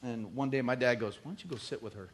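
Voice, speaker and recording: A middle-aged man preaching a sermon, animated and joking, with rising emphatic bursts. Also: medium pitch, fast. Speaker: pastor.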